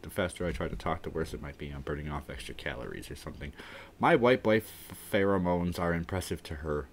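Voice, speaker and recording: A man hosting a casual live stream, rambling and mumbling his thoughts out loud in a warm indoor room. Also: extremely low pitch, quick pace, a little hiss or hum. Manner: rambling, mumbling, talking to himself.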